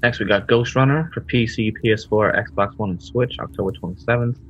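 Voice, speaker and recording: A man's voice: fairly low pitch, brisk, fairly bright tone, slight background noise. A laid-back man co-hosting a podcast, slangy and casual, reading game listings. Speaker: podcast co-host. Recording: dull lo-fi recording.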